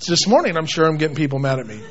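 A man preaching a sermon as a pastor, swinging from loud, emphatic outbursts to quiet, intense passages. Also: a little high, sing-song, rapid-fire. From United States. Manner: dramatic, shifts between shouting and quiet intensity. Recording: dull lo-fi sound.

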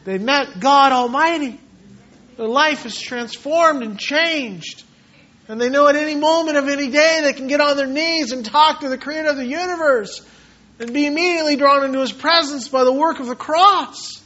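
A man preaching a sermon with passion, now and then mimicking doubters in quick asides. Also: extremely high pitch, bright, forceful tone, lo-fi sound, a little hiss or hum.

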